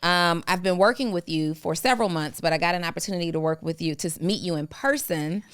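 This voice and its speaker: Bubbly woman podcast host, smooth voice. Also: fairly low pitch, fast talker, no echo, clean studio sound. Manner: bubbly, laughs often, many fillers. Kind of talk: casual interview chat. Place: studio set.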